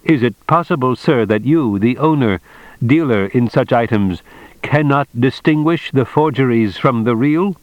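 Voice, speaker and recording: A man reading an audiobook, voicing a courteous, stiffly formal male envoy who talks in slow, measured phrases. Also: mid-range voice, lively intonation, no room sound, lo-fi sound, voice pushed up, lightly acted. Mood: polite, cutting.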